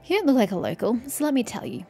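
A woman's voice: fairly high pitch, huge pitch swings, fast, creaky, warm tone, soft background music, heavily acted. A woman reading the lines of a scornful architect in a video game aloud, in a disdainful, lecturing way. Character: scornful architect who despises old officials.

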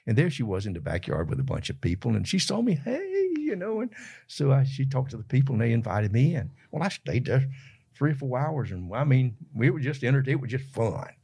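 A man's voice: medium pitch, sing-song, brisk, gravelly, warm tone, breathy edge. An older man with a Southern Georgia accent, a folksy interview guest telling colorful stories and often laughing mid-sentence. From Georgia, USA. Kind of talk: animated storytelling.

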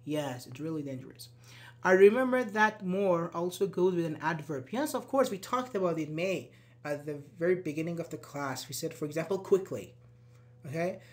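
A man's voice: fairly high pitch, lively intonation, normal speed. A man teaching a live online English grammar class. He is patient and encouraging, praises answers and often checks with "okay?".

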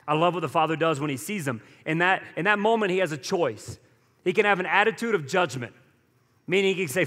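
A pastor preaching a sermon in a conversational way, with joking asides to the congregation. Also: male voice, a little high, a bit bright. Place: church auditorium. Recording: long reverb from a large church hall.

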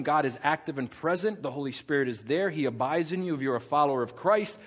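A male pastor preaching a sermon, with animated and conversational storytelling. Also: a little high.

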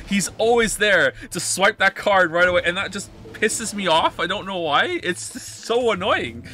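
A man's voice: high voice, bright, forceful tone. A man streaming a game, muttering, reading text aloud and venting in exasperation. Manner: exasperated, swearing, muttering to himself. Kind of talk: live gameplay commentary.

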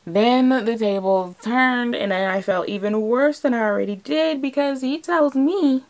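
A young woman vlogger telling a personal story in a casual, animated, chatty way, laughing often. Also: on the high side, unhurried.

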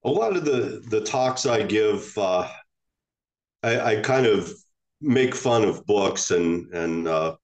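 A male Zen teacher gives a reflective dharma talk. His voice is low and unhurried, and he often stops and restarts his phrases as he thinks them through. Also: expressive, a little mellow.

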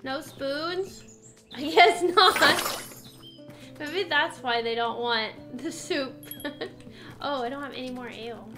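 A woman's voice: sits high, slow pace, music in the background. A woman streamer chatting casually over a simulation game, laughing often and exclaiming at what happens. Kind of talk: casual gameplay commentary.

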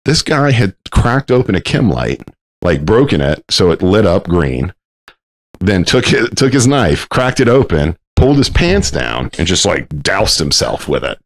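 A man with a low voice tells a rowdy story in casual chat, his pitch swinging wide as he acts out the shouting of others. He swears freely and keeps the pace loose, as a co-host on a talk show about military life. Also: sing-song, measured pace. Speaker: veteran podcast co-host.

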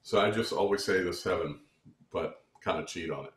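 A man's voice: low voice, normal speed, fairly bright tone, echoey room. A man teaching music theory, explaining meter and counting beats aloud, with many restarts. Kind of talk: online music lesson.

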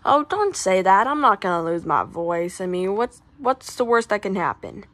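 A woman voicing a male animatronic gamer who gets worked up over losing, later reduced to a hoarse whisper. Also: mid-range voice, normal speed, natural voice. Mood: excited gaming. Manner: excitable, then whispering hoarsely after losing voice.

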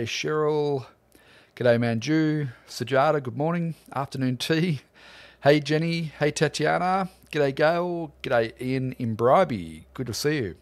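Man, Australian accent, middle-aged, medium pitch, friendly, casual livestream host, art teacher. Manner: friendly, greets viewers one by one by name.

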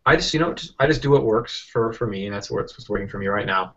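A man as an interview guest, telling a rambling, animated story with many restarts and acted-out quotes over a video call. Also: lowish voice, fast, dull audio. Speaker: interview guest, software entrepreneur.

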